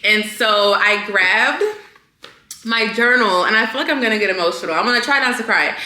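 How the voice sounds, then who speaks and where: A young woman vlogging, chatting casually to the camera in an animated way, full of fillers. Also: mid-range voice, moderate pace. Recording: echoey room.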